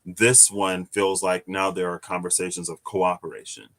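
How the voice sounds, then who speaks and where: A young man giving a casual, musing tarot reading, animated at times with sudden high exclamations. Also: moderate pace. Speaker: tarot reader. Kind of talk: casual reflective monologue.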